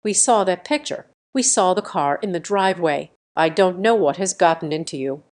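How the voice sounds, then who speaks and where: A woman's voice: fairly low pitch, moderate pace, a little mellow, lightly acted. A woman voicing a commanding middle-aged father who lectures and scolds his grown daughter in a storybook narration. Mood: stern.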